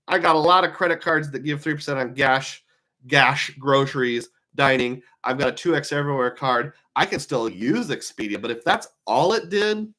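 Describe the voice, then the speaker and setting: A man's voice: fairly high pitch, a bit bright. Man musing aloud in casual live talk. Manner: musing, asks many rhetorical questions. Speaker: travel rewards commentator.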